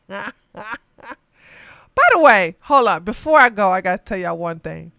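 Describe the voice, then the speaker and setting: A woman hosting a casual livestream commentary, chatty and quick to laugh, with animated bursts. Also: medium pitch, creaky, clean tone.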